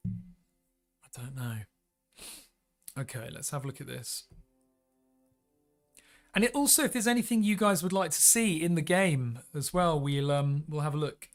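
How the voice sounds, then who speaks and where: A man's voice: fairly high pitch, animated, measured pace, pauses often, faint music behind. A man hosting a live stream, chatting casually and upbeat while flying a plane in a simulator and greeting viewers. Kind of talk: casual live-stream commentary while playing a flight sim.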